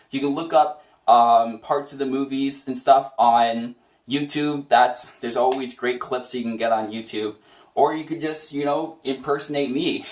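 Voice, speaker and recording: A man with an ordinary mid-range voice walking viewers through how he does a cartoon impression. He sounds chatty and eager and rambles a little as he explains. The recording is roomy and echoey. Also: medium pitch. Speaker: voice impression tutor. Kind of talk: casual spoken tutorial.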